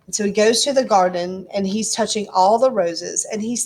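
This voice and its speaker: Woman, teacher, storybook read-aloud, chatty, explanatory, middle pitch. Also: normal speed, hardly any pauses, a little mellow. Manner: chatty, explanatory, frequent ums.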